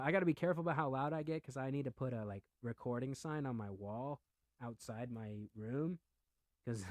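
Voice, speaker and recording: A young man hosting a podcast in a casual, profane rant, swinging from low mutters to loud outbursts. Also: no echo. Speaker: podcast host.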